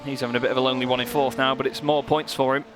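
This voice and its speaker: A young man calls the race in mid pitch, quick with a joke and lifting when the action tightens. Engine noise roars clearly behind his voice. He sounds like a seasoned race commentator. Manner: lively, joking, gets excited at close moments. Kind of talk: sim racing commentary. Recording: commentary over loud race car noise.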